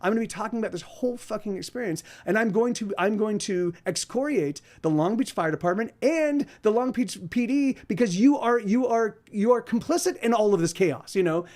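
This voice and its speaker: High-pitched socal guy ranting, swears a ton, keeps restarting his sentences. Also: animated, fairly quick, hardly any pauses, darkish tone. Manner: angry, profane, rambling with many restarts; quotes others in put-on voices. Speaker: podcast host. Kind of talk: profane storytelling rant.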